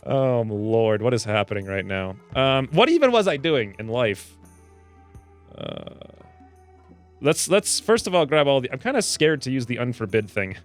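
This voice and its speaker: A man commentating his own gameplay in a jokey, animated way, slipping into squeaky voices for the characters. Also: normal speed, faint music behind. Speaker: gaming video host. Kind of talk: let's play commentary.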